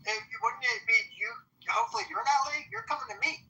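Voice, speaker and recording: Rowdy, high-voiced, bright-toned man from Nebraska, loud joking chat. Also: big pitch swings, quick pace, poor audio. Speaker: audio chat room participant. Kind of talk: casual chat.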